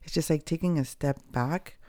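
A podcast host talking casually and candidly about personal experience, swearing freely and pausing often. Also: mid-range voice, dark tone, no room sound, clean studio sound. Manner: slow, pausing delivery with fillers. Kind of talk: reflective personal talk.

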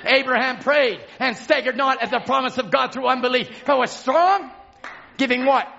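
High-voiced fiery male preacher. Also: moderate pace, vocal fry, highs cut off. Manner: shouting, call-and-response exhortation. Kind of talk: fervent Pentecostal-style sermon. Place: church sanctuary.

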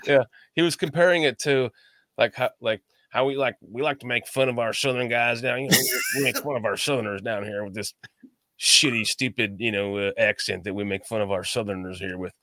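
A man with a Chicago accent hosts a loose podcast chat, spinning stories in a profane, animated way with frequent laughter. His voice sits at an ordinary middle pitch. The sound is dry and close, with little room echo. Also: fairly quick. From Chicago area. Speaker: podcast host. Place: lives in the American South.

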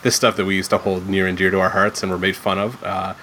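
Bright-voiced blunt man, lowish pitch. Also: flat delivery, fast talker, slight background noise, poor audio. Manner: blunt, profane and jokey. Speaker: podcast guest. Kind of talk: casual chat. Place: video call.

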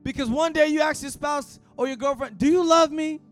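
A booming, dramatic older preacher, as a man puts him on, loud and emphatic, with words stretched out for effect. The voice sits high, and faint music hums underneath. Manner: loud emphatic preaching cadence, drawn-out lines.

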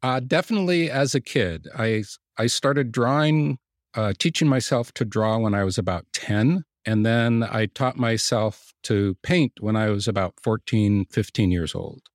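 Brief: low-voiced man, thoughtful guest, dead-dry sound. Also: unhurried, no echo. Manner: reflective, with restarts. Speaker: guest painter. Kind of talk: interview answers.

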